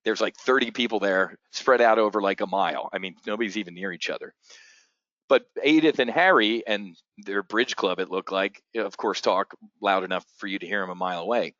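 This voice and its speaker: A man's voice: fairly low pitch, a little fast, a bit bright, dry recording, highs cut off. A man hosting a casual live market briefing for options traders, blunt, profane and rambling. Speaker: options trading host.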